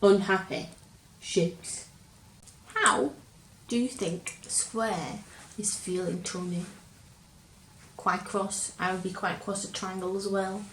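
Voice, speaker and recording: A woman reading a picture book aloud to a child, slowly and gently, stopping to ask him questions. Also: medium pitch, steady tone. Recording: roomy echo, faint hum.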